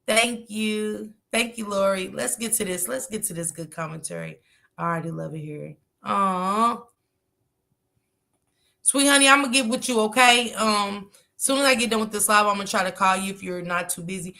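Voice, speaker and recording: Chatty woman hosting a livestream, gravelly. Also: mid-range voice, normal speed, pushed and bright. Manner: chatty, greets commenters by name, slangy. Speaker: livestream host. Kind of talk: casual livestream chat greeting viewers.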